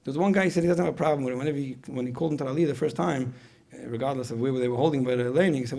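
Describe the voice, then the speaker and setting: Guy lecturing parents, gravelly voice, talks fast, keeps repeating himself. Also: medium pitch, dark tone. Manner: repeats phrases, asks the audience questions. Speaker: speaker at a parenting retreat. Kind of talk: conversational lecture.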